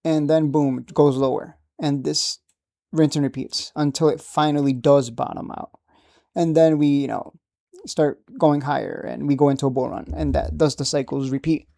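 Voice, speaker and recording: Gravelly man explaining charts casually. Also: fairly high pitch, steady tone, normal speed, warm tone, no room sound, studio quality. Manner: conversational, keeps asking "right?". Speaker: trading educator.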